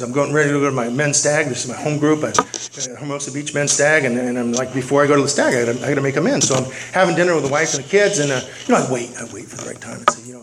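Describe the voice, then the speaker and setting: A man tells a funny story about himself to a recovery meeting, talking quickly in a slightly high voice. The recording carries a clear hiss of noise throughout. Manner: humorous, self-deprecating, animated. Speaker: speaker sharing at a recovery meeting.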